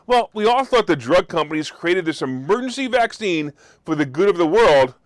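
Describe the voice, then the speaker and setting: Sarcastic and prone to loud fits of mock outrage, this male host gives opinionated market commentary on a live talk show. His high, sing-song voice swoops wildly at a moderate pace, recorded close on a desk mic in a dry, dead room without echo.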